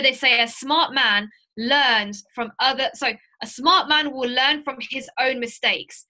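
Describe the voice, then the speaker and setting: A woman's voice: high voice, pushed and bright. A woman leading a live sales training session, speaking energetically and emphatically, repeating key phrases for emphasis, over a video call.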